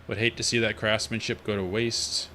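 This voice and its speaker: A man with a deep, low voice plays through an online fantasy game and chats casually, dropping wry little asides. His tone is bright and forceful. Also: normal speed, a little hiss or hum. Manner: relaxed, chatty, wry asides. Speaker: gaming streamer. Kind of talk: casual gameplay commentary.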